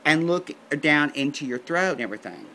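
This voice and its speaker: A man voicing a blunt, matter-of-fact male doctor in a comic story, talking in a flat, clinical way. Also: on the high side, fairly quick, a little hiss or hum, heavily acted. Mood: deadpan.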